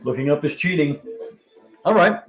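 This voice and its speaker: Faint music plays behind this rough recording of a livestream trivia host. His slightly high voice is expressive at a normal pace as he chats, reasons aloud, and reads out the answers viewers submit in real time.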